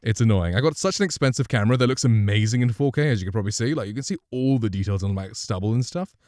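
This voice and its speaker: In a dry recording, a man with a medium-pitched, slightly mellow voice talks at a quick pace. He's streaming from home, speaking up close into a studio condenser mic as he reviews and demos it in a loose, rambling way with frequent self-corrections.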